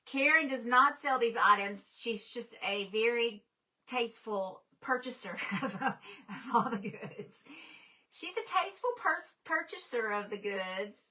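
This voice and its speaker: Bright-voiced gushing woman. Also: a little high, a little slow. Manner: gushing and excitable, chatty asides to viewers. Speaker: livestream host. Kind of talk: casual livestream chat.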